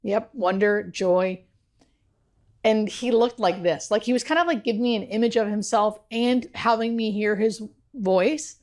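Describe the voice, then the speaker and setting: Woman, interview guest, earnest, heartfelt, casual filler words, mid-pitched voice. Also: unhurried, darkish tone. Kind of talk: emotional personal storytelling in an interview.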